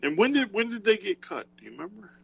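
A man's voice: high voice, very animated, fast, creaky, a bit bright, husky, highs cut off. A man co-hosting a podcast, talking casually in a rambling way and thinking aloud with lots of fillers. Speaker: podcast co-host. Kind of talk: casual wrestling chat.

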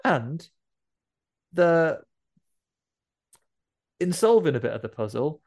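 A man's voice: a little high, very animated, slow, darkish tone. A man co-hosting a podcast, joking and laughing in casual chat. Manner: jokey, laughs often. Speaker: podcast co-host.

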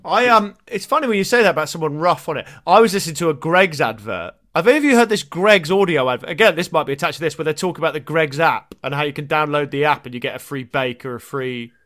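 An English man co-hosting a comedy podcast in casual, jokey chat, often slipping into quick put-on voices. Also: on the high side, expressive, fairly bright tone. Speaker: podcast co-host.

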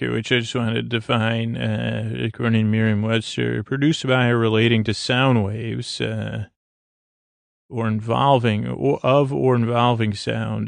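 A man hosting a bedtime podcast, recapping a story in a meandering, low-key way full of "uh" and "he goes". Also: creaky, no echo. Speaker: podcast host. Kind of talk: rambling bedtime episode recap.

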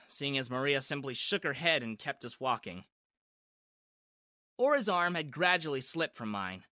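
Brief: male story narrator, bright and lively, dry close sound. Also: fairly high pitch, dry recording. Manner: lively, expressive reading. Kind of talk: first-person story narration.

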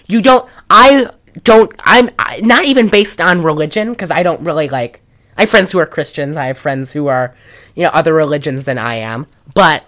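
A woman co-hosting a casual comedy recap, animated and sarcastic, swearing freely. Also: fairly low pitch. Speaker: podcast co-host recapping a film.

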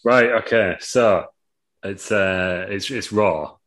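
A man's voice: lowish voice, slow pace, a bit bright. A man telling a rambling, laugh-filled story in casual podcast chat, swearing freely. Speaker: podcast co-host.

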